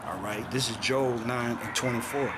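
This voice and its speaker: A man's voice: steady tone, normal speed, heavy background noise. A man giving an informal bible teaching in a streetwise, insistent way, often checking in with his listeners. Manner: streetwise, keeps adding "man" and "all right?"; insistent, swings from loud to low. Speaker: scripture teacher.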